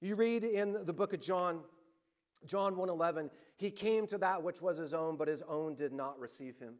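A male pastor preaching a sermon, telling stories in a lively way that swings between rising emphasis and hushed, quiet points. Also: on the high side, normal speed.

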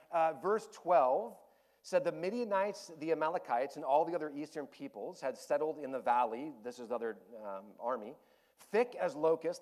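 A high-pitched male pastor shares a personal story candidly and emotionally during his sermon. His voice drops to a hush, then rises again with animation.

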